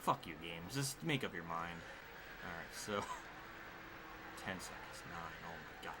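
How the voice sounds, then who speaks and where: A man streaming a racing game at his home desk speaks in a low-pitched voice at normal speed. His live commentary is peppered with frustrated, profane outbursts, over steady background noise.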